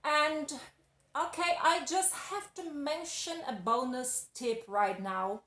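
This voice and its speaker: Brazilian lady teacher, loud and emphatic, kinda high voice, echoey room. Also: steady tone, slow. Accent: Brazilian Portuguese. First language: Portuguese. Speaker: English teacher. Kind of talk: casual video lesson.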